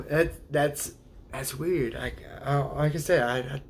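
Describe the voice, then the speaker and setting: A man's voice: on the high side, takes it slowly, breathy edge. A man hosting a casual livestream, rambling and hesitant, laughing often as he sounds out viewers' names. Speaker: livestream host.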